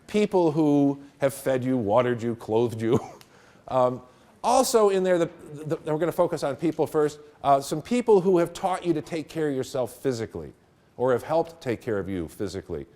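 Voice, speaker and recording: A middle-aged man giving a workshop lecture to teachers in a room with an audience, telling stories in an animated way and laughing along. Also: mid-range voice, moderate pace. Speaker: teacher trainer.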